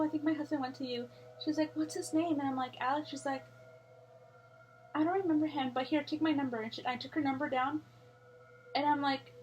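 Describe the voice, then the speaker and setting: A young woman tells her story in a loose, rambling way, full of fillers, swearing and acted-out quotes. Her voice sits a little high. A faint hum runs under the recording. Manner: rambling, animated, swears freely, acts out quotes. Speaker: vlogger. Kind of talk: casual storytelling to camera.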